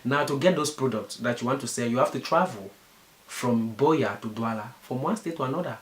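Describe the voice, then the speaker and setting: A man's voice: mid-range voice, fairly quick, roomy sound. A man from Cameroon with a Cameroonian English accent speaks earnestly and emphatically, often repeating words as he searches for the phrase. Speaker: interviewee. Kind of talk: impassioned commentary.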